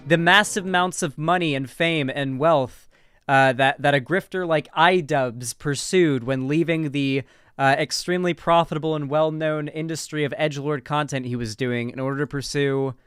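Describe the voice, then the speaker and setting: A man's voice: fairly high pitch, fairly bright tone, smooth, dry recording, studio quality. A man doing casual commentary, sarcastic and rambling, with frequent swearing. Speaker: political commentary streamer.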